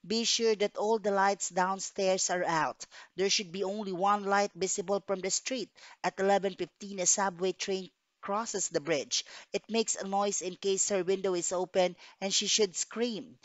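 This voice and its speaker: A woman's voice: medium pitch, steady tone, moderate pace, no echo, lightly acted. A woman teacher reading the part of a cold male criminal giving orders over the phone, from a radio play script. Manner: read aloud from a script. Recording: dull dry recording.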